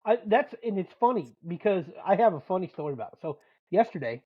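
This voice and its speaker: A man co-hosting a podcast, telling profane, animated stories in casual sports banter as a dad and coach. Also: high-pitched, quick pace, slightly rough, no echo, muffled recording. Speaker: podcast co-host.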